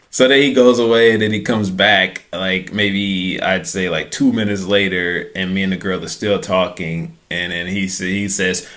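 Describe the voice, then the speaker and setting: A man's voice: sits low, fairly even intonation, takes it slowly, a bit bright. A young man hosting a podcast, telling a story casually and acting out other people's lines in a raised voice. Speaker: podcast host.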